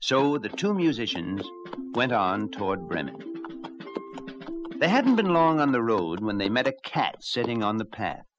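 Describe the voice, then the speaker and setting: A man narrating a storybook tale in an expressive, animated reading style. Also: medium pitch, unhurried, lo-fi sound, over music.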